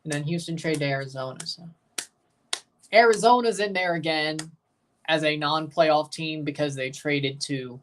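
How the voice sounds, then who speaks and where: A man's voice: fairly high pitch, normal speed, recorded from a distance, slight background noise. A man hosting a livestream, giving casual, offhand reaction commentary with muttered asides and casual swearing. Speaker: livestream host.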